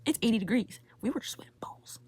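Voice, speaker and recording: A woman's voice: fairly high pitch, animated, fast talker, darkish tone, in a whisper. Exasperated young woman ranting, filler-heavy. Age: young adult. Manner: exasperated, heavy use of "like", swearing. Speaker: vlogger. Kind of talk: casual storytelling rant.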